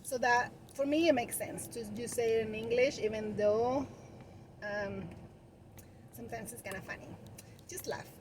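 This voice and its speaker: A woman's voice: on the high side, steady tone, moderate pace, rough recording. A woman with a strong Spanish accent talks casually to camera. She is a native Spanish speaker, and her speech is chatty and loose, full of restarts and fillers. A faint noise sits under her voice. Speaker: balloon decor business owner and vlogger.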